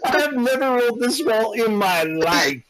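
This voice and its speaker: A man's voice: very high-pitched, lively intonation, normal speed, heavy background noise. A man playing in a tabletop game, joking and laughing with the table. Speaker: player. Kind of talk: casual tabletop game chat.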